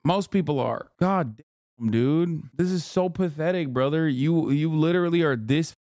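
A man's voice: fairly high pitch, normal speed, a little mellow, no echo, studio quality. Brash, mocking male streamer. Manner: brash, mocking, profane ranting. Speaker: livestream host. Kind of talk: casual chat.

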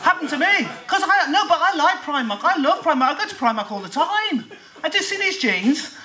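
Lively bright-voiced woman performer. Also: high voice, brisk, rough recording. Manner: animated, self-mocking comic exaggeration. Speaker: spoken word performer. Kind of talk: comic spoken word monologue. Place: live performance venue.

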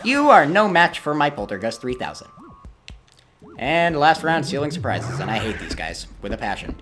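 A man's voice: a little high, big pitch swings, moderate pace, background noise. Frustrated swearing let's play guy. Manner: easily frustrated, swears and pleads at the game. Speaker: gameplay commentator.

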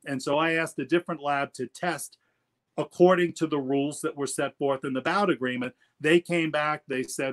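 A man's voice: fairly high pitch, steady tone, normal speed. A middle-aged man, an attorney guest, telling stories in casual interview talk and often repeating words as he goes.

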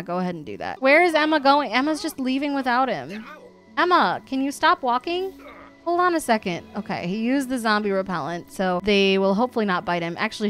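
Woman, let's-play commentary, chatty, exclamatory, slightly high voice, smooth tone. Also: fairly bright tone. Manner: chatty and exclamatory, talking to the game characters. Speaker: gaming channel host.

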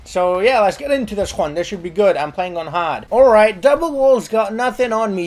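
Young man, let's play host, excitable and profane, high voice, very lively pitch. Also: moderate pace, hardly any pauses, a little hiss or hum. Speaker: gaming channel host.

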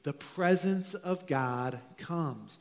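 A man preaching a sermon as pastor to his congregation, earnest, drawing out key phrases slowly for emphasis. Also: a little high, vocal fry. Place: church sanctuary. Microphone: handheld microphone. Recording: long hall reverb of a church.

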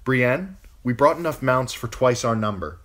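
An urgent, commanding noblewoman voiced by a man reading aloud. The voice sits well above the reader's own low register and pushes hard on its orders. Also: expressive, moderate pace, a bit bright, close to an everyday voice. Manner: raised pitch, urgent commanding delivery.

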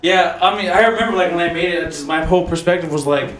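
Young dude rambling on a podcast, kinda high voice, lots of likes and ums. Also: male voice, quick pace, fairly bright tone, a little hiss or hum. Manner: rambling, laughs often, many fillers. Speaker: podcast co-host. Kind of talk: casual chat. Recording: echoey room with faint music.

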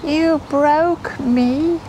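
Brief: comic talking tent, a man doing it, shrill and scolding, drawn-out delivery. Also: fairly even intonation, noisy background, full character voice. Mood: sulky. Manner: scolding, high squeaky put-on voice. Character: talking tent, sulky and reproachful.

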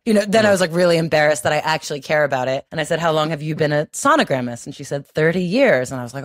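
A woman journalist, a podcast guest, chatting reflectively and telling animated stories. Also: low voice, racing, few pauses, no room sound, clean studio sound. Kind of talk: casual conversation.

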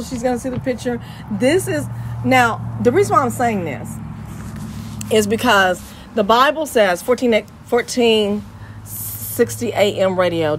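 A woman with an East Texas drawl, chatting on Christian radio with exuberant, preachy energy and a slightly high voice. She keeps repeating her phrases for effect. A faint hum of ambience and vehicle noise sits behind her. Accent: Southern US, East Texas. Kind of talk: lively radio chat.

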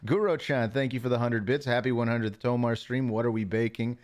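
A man's voice: mid-range voice, steady tone, a little fast, a little mellow. A male streamer in his home office, reading out chat messages and thanking viewers in a casual, stammering, self-mocking way.

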